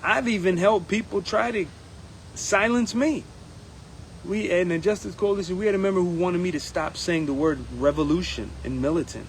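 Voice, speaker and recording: A man speaking in a casual campaign monologue as a union steward, animated and acting out others in quotes. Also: high voice, moderate pace, a little hiss or hum, poor audio. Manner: animated, acts out members' voices in quotes. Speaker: union steward running for president.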